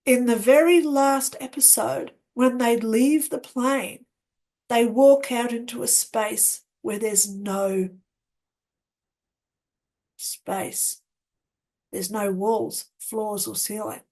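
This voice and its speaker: Woman, slow earnest storyteller, slightly high voice, re-enacts remembered dialogue. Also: steady tone, darkish tone. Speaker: near-death experience guest. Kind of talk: personal storytelling. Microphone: webcam setup with ring light.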